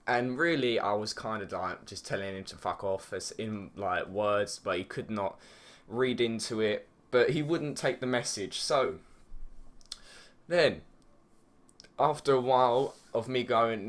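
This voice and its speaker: A teenage English lad rattles through a story in a casual, rambling way, dropping swear words and "like" every few words. His voice sits at an ordinary middle pitch for a young man. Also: moderate pace, a bit bright. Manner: rambling, swears a lot, heavy use of "like". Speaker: vlogger.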